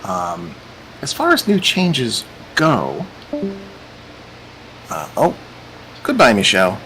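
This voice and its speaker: A man's voice: lowish voice, wildly swooping pitch, slow pace, sharp tone, soft background music, poor audio. A man running a tabletop game session as game master, in a chatty, meandering way that circles back on itself. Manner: chatty, meandering, repeats "cool". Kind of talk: casual tabletop game hosting.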